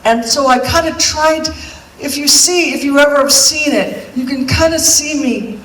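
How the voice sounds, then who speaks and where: A woman tells candid, rambling, self-mocking stories from a concert stage. She is heard from far off in the audience, her voice washed in a long hall reverb. The crowd murmur sits clearly behind her. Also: high-pitched, moderate pace, a bit bright. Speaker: singer performing on stage. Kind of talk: comic stage monologue. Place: large concert venue, indoors. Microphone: recorded from the audience, far from the stage. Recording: distant, echoey arena recording with crowd noise.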